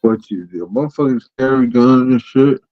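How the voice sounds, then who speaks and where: A man casually telling a wild story as co-host of a chat show, acting out the people in it with sudden jumps in his voice. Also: normal speed. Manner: animated, acts out quoted voices with sudden pitch jumps. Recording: dull lo-fi audio.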